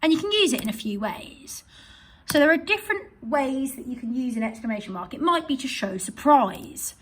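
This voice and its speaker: Expressive husky-voiced woman teacher. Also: sits high, moderate pace, poor audio. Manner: expressive, reads examples aloud with emphasis. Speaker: primary school teacher. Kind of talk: online grammar lesson for children.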